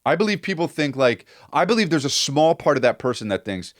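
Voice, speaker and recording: A man co-hosting a podcast, in casual, rambling chat with lots of halting restarts. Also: fairly high pitch, sing-song, no room sound, studio quality. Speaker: podcast co-host.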